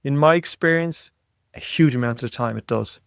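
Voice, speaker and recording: A man's voice: mid-range voice, a little fast, gravelly, clean tone, no room sound. Dry-voiced man telling a story. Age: 50s. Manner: animated storyteller, repeats words when excited. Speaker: podcast guest. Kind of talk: storytelling in conversation.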